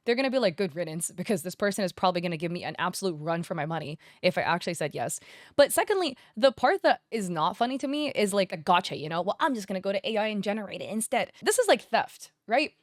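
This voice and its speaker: A young woman giving casual, animated commentary as a streamer, often slipping into quick quoted voices. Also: medium pitch, no echo, studio quality. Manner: animated, conversational, quoting others in quick voices. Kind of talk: casual commentary on online drama.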